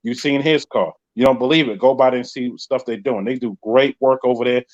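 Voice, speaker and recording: A man's voice: mid-range voice, fairly quick, a little mellow. Chatty New York man, lo-fi sound. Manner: chatty, joking, reads viewer comments aloud. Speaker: podcast host. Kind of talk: casual live-stream chat reading comments. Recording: dull lo-fi sound.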